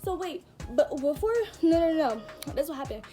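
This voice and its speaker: Young woman, high voice, casual storytime vlog, animated, self-mocking, faint music behind. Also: moderate pace. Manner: animated, self-mocking, talks straight to viewers. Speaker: vlogger. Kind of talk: casual storytime chat to camera.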